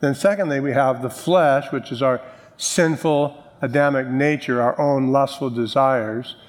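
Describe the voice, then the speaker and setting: A male pastor preaching a sermon, joking with the congregation and slowing down to stress key words. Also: medium pitch. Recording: long reverb of a large hall.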